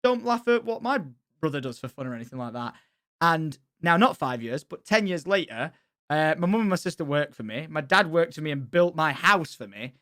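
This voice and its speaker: Animated young man. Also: on the high side, fairly quick. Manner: animated, swears freely, laughs often. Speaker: streamer. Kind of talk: casual stream chat.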